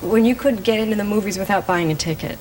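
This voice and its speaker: A woman interviewing a guest on morning television, asking brisk, probing questions. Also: mid-range voice, a little mellow, a little hiss or hum, low-quality recording.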